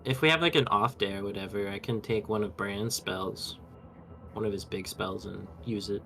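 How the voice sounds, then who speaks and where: Low-ish voice dude playing d&d on stream, joking around, laughs a lot, keyboard clacking. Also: male voice, normal speed, gravelly, fairly bright tone, faint music behind. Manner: playful, laughs easily. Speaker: player. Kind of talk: casual tabletop chat.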